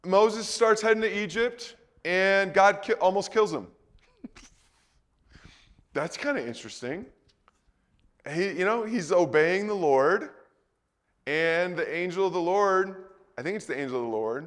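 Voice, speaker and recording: A man teaching through Bible passages in a casual, conversational way, with asides and frequent "okay?" checks. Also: fairly high pitch.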